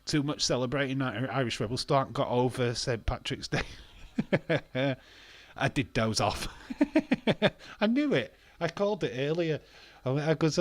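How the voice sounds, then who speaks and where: A man's voice: mid-range voice, measured pace, pauses often, dry recording. A young man casually chatting on a live stream, reading out viewer comments, laughing often and swearing now and then. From England.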